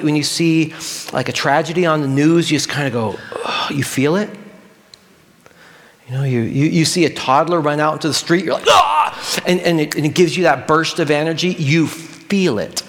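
Man, pastor mid-sermon, lively and repetitive, talks straight to the room; slightly higher voice, echoing church hall. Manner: animated, repeats key phrases, engages the audience directly.

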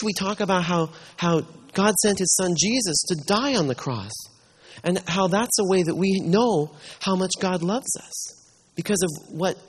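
A man preaching a sermon, telling a story in an animated way with frequent restarts. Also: high voice, breathy edge, in a large hall.

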